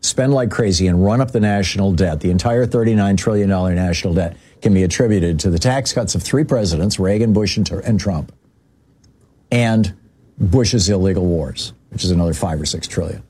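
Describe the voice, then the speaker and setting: A man's voice: brisk, breathy edge. A man hosting a radio talk show, giving political commentary and telling anecdotes in a loose conversational way, full of fillers and restarts. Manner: conversational, many "you know" fillers and restarts; lively storyteller, jumps pitch for emphasis.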